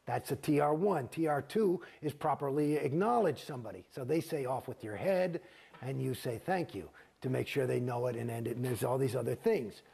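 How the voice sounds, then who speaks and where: A middle-aged man, an actor, telling his own story in an interview, profane and animated, acting out the exchanges he describes. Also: medium pitch, moderate pace, vocal fry, husky. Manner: profane, animated, gets heated and acts out quoted exchanges.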